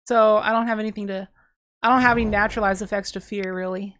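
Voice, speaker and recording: A woman casually commenting on her own card game as she plays, thinking aloud with sudden bursts of excitement. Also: mid-range voice, fast talker, soft background music. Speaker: gameplay streamer.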